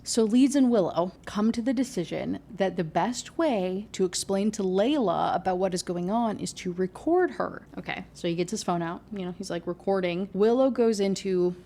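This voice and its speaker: A woman's voice: medium pitch, moderate pace, few pauses, dark tone. A woman book reviewer recapping a story in a chatty, rambling rant, full of "like".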